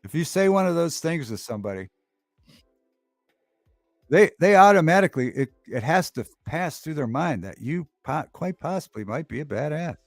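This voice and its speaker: A man's voice: a little high, big pitch swings, normal speed, no echo, clean studio sound, soft background music. A man hosting a livestream talk show, chatting casually, reading the chat aloud and repeating favorite movie lines with relish.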